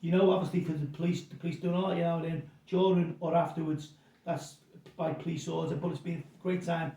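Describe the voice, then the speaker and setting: A middle-aged pub landlord, guesting in a casual interview, tells rambling anecdotes and repeats his words. His voice is on the high side yet dark in tone, flat and a little fast, recorded from a distance with a roomy sound.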